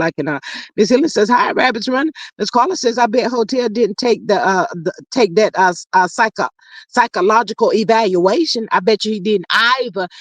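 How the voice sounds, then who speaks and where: A livestream host casually reads viewer chat aloud and answers with playful, slangy asides and drawn-out hums. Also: medium pitch, no echo. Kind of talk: casual commentary.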